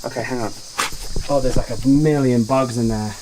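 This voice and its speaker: A man of ordinary pitch talking into a handheld camera on a travel vlog, chatty and excitable with joking asides. He is outdoors, and insects, crickets and passing traffic are clearly heard behind him. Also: moderate pace. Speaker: travel vlogger. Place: outdoors on mountain roads and in a jungle park.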